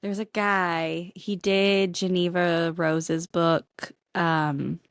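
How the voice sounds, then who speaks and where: A woman's voice: on the low side, level tone, drawn-out words, clean tone, no room sound, clean studio sound. A woman who runs a bookstore, chatting on a podcast as a guest and laughing often. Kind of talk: casual podcast chat.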